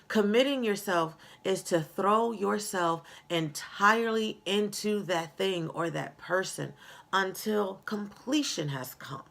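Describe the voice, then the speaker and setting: A middle-aged woman giving a slow, earnest motivational talk, with some fillers. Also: mid-range voice, creaky, fairly bright tone. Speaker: motivational speaker.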